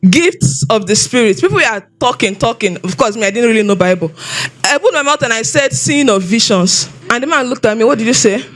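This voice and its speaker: A woman with a Nigerian English accent giving an animated, expressive personal testimony, often repeating herself as she tells her story. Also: fairly high pitch, fairly quick. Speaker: testimony speaker.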